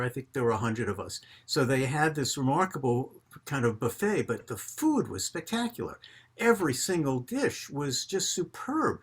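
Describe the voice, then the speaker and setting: A man's voice: mid-range voice, slightly rough. An older man telling a rambling story on a group video call, with many fillers and restarts.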